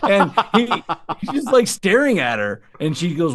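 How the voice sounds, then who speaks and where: Animated storytelling man, lively pitch. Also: moderate pace. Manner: animated, laughs while telling stories. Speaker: podcast co-host. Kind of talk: casual storytelling.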